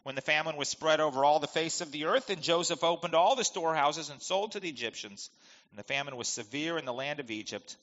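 A man's voice: a little high, pushed and bright. A man teaching verse by verse from the Bible, reading passages and explaining them conversationally with rhetorical questions. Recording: dull lo-fi with long hall reverb.

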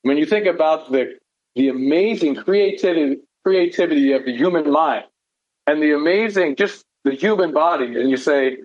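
A man's voice: a little high, moderate pace, muffled recording. A man preaching a conversational sermon, earnest, often asking rhetorical questions and checking in with "right?". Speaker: pastor teaching a Bible study.

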